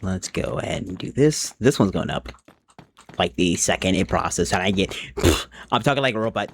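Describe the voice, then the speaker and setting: Young man, slightly low voice, casual rambling, live game stream, thinking aloud, desk mic, keyboard typing behind. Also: animated, moderate pace, creaky, slight background noise. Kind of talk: casual live-stream chat while gaming.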